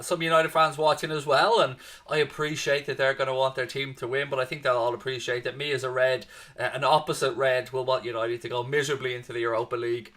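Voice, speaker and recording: A man with a bright, tense-edged voice hosts a live football watchalong, talking in a loose, chatty way. He greets viewers by name and keeps calling them mate and folks. His speaking voice sits a little high for a man. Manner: addresses listeners as mate and folks. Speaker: host of a football watchalong stream. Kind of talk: live casual match-preview chat.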